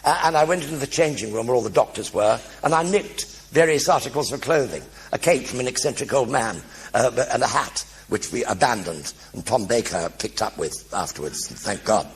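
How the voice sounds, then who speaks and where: Gravelly older British storyteller. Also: male voice, medium pitch, brisk, hardly any pauses, a little hiss or hum. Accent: British English. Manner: lively raconteur, mimics others' voices with sound effects. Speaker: actor telling stage anecdotes. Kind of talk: one-man stage show storytelling. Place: theatre stage.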